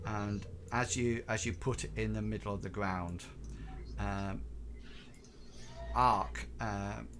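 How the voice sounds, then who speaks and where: A man narrates a tabletop adventure for his players, speaking slowly and stumbling through frequent ums and false starts. A constant hum of background noise sits clearly under his voice on the stream. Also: lowish voice, steady tone. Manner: hesitant, full of ums and restarts. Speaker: game master.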